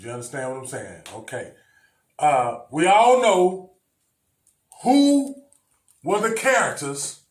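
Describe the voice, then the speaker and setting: A male preacher teaching a sermon. He talks emphatically, repeats his phrases and addresses the congregation directly. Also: fairly high pitch. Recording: echoey room, mic at a distance.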